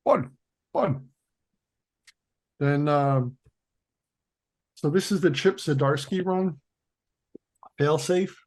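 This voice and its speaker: A man's voice: on the high side, drawn-out words, long pauses, darkish tone. A man co-hosting a casual chat about comics, rambling with restarts and lots of "like". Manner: rambling, restarts, many likes. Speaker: co-host.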